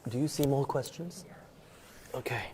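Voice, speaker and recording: A man's voice: mid-range voice, moderate pace, a little mellow, a little hiss or hum. A man leading a live-streamed meditation teaching, talking emphatically, repeating key words for stress, and reading out and answering viewers' comments. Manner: reads viewers' comments aloud and replies. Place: meditation room at a forest retreat.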